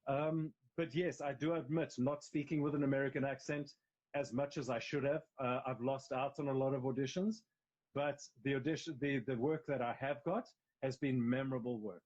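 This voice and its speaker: A man's voice: medium pitch, steady tone, moderate pace, darkish tone. South African male actor, chatty guest, emphatic rambling delivery, slightly muffled phone audio. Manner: rambling, emphatic, frequent restarts. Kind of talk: casual interview chat. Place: at home on a live video call. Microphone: mobile phone live stream.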